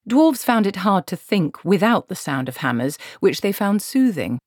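A woman reading a comic fantasy story aloud in a wry, measured narrating voice. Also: medium pitch, very animated, a little mellow, no room sound, studio quality. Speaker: audiobook narrator. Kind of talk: scripted narration.

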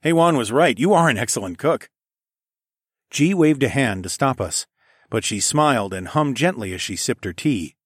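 A man reading a first-person novel aloud in a calm, even storytelling manner. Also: lowish voice, no echo, studio quality. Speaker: audiobook narrator. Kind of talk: first-person scripted narration.

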